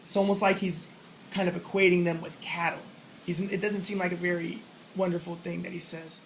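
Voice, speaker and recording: A man's voice: high-pitched, level tone, fairly quick, creaky, a little hiss or hum, low-quality recording. A man giving a casual spoken lecture on religion, rambling as he explains and acting out the lines he quotes.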